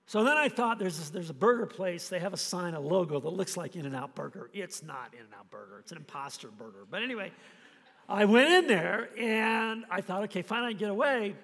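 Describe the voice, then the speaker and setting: A man preaching a sermon, telling a story with animated, acted-out scenes. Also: sits high, a little fast, in a large hall. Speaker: pastor. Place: church hall.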